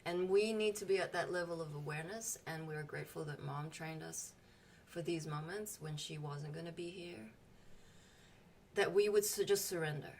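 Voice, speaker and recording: Woman, lowish voice, casual spiritual talk, emotional, swears freely, animated storytelling. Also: moderate pace, far from the mic, a little hiss or hum.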